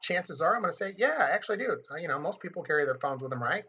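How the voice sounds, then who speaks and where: A man's voice: on the high side, racing, bright, forceful tone, breathy edge. A man hosting a marketing webinar in a chatty teaching manner, often acting out little dialogues. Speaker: webinar host.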